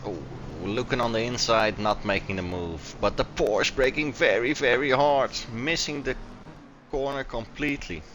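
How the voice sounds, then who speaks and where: Over the faint sound of a sim race, a man whose first language isn't English commentates live in an excitable, loose way, stumbling as he talks. He has a medium-pitched voice at a moderate pace, and there's a slight hiss or hum.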